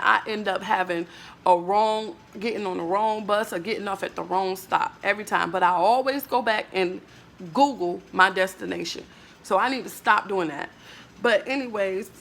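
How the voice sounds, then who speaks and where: Speaking in a medium-pitched, slightly bright voice, this woman vlogger delivers an emotional rant straight to camera. She's blunt, emphatic, and profane, filling her speech with phrases like "like, bruh".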